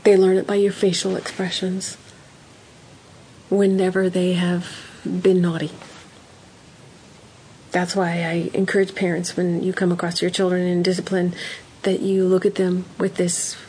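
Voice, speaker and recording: A woman's voice: on the low side, little pitch movement, moderate pace, slight background noise, poor audio. A woman giving parenting advice in an earnest, emphatic way, acting out example conversations. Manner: warm, earnest, emphatic, acts out example dialogues. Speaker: parenting counselor guest.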